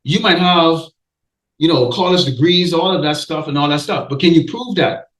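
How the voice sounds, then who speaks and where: A man's voice: fairly high pitch, moderate pace, a bit bright, reverberant, low-quality recording. A man preaching a warning sermon, emphatic, often stopping to say okay and restarting his sentences. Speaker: street preacher.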